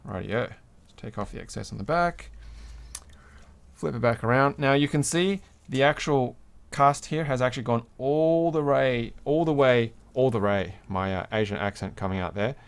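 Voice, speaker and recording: A man hosts a casual livestream from his workbench and explains each step as he works. He is chatty and relaxed in delivery, with a mid-range voice and the odd laugh. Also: medium pitch, clear, resonant tone. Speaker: livestream host. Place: home workbench.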